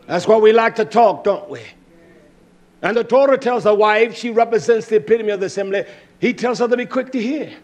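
A man preaching a fiery sermon, fervent and emphatic, drawing out words and breaking into shouts. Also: sits high, fairly quick.

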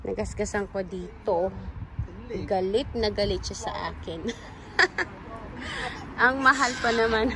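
A woman's voice: fairly high pitch, slow pace, long pauses. A woman with a Filipino accent, filming a casual family vlog outdoors in front of her house and chatting in playful baby talk. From Philippines. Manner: playful, sing-song, mixes Tagalog and English. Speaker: family vlogger, mother. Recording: noisy windy outdoor recording.

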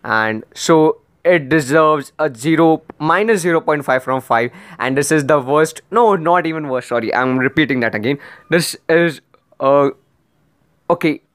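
A man's voice: fairly high pitch, a little slow, fairly bright tone, dry recording, studio quality. A man doing comedic roast commentary on video clips, sarcastic and rambling, often pleading in exasperation.

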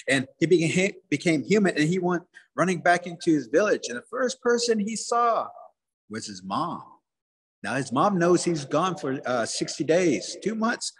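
A man's voice: on the high side, a bit bright, slightly rough, long reverb tail. A man telling a traditional folktale with rhythmic, repetitive phrasing. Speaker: storyteller, museum director.

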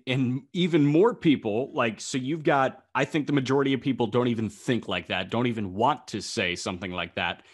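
Animated man telling a story. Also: medium pitch. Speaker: podcast co-host. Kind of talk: casual chat.

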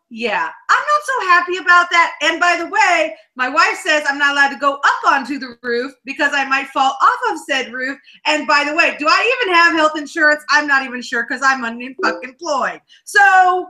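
High, bright-voiced swearing woman. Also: animated, moderate pace, hardly any pauses. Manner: profane, ranting, jokey. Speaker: podcast co-host. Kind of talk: casual chat.

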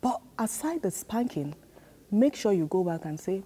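A woman's voice: medium pitch, big pitch swings, moderate pace, mellow, breathy edge. A woman teaching a children's church sermon, repeating key lines and prompting the children to answer and repeat after her. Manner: repetitive, emphatic, call-and-response prompts.

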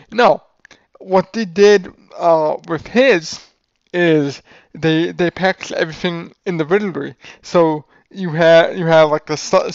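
Man, casual food vlog, eager and rambling, slightly high voice, dry dull sound. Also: vocal fry, smooth, no room sound. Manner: enthusiastic, rambling, many restarts, says "folks" a lot. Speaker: food reviewer. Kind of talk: casual restaurant review vlog.

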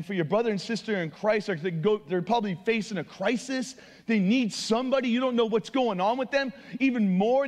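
Man, young adult, preacher, casual slangy sermon, conversational, high voice, long hall reverb. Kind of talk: informal sermon. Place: church sanctuary.

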